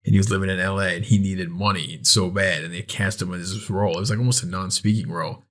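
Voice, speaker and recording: A man's voice: low-pitched, fairly even intonation, fast, a bit bright. A young man co-hosting a podcast, chatting loosely and swearing while enthusiastically recommending shows. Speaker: podcast co-host. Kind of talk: casual chat.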